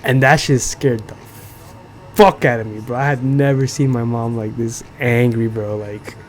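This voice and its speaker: A young man tells a story on his podcast in a loose, profane way. His talk is full of "like" and "you know," and he keeps checking in with the listener. His pitch sits at a plain middle height for a man. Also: fairly even intonation, moderate pace, a little hiss or hum. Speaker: podcast host. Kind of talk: casual storytelling.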